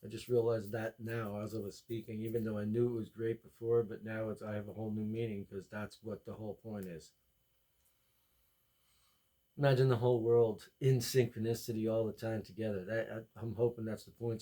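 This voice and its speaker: A man hosting a podcast, delivering a rambling, excitable comedy monologue that jumps from topic to topic. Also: lowish voice. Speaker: podcast host.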